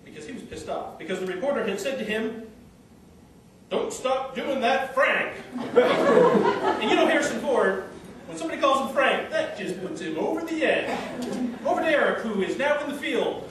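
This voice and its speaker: A man's voice: very high voice, expressive, fairly quick, noisy background. A man with a Canadian accent improvising as a mock-serious news anchor. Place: theatre stage with live audience. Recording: echoey stage recorded from far off.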